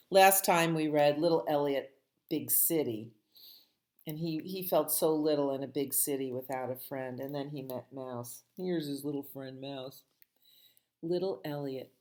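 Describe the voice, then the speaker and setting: A middle-aged woman, a children's librarian, reading picture books aloud and chatting gently and playfully with small children. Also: sits low.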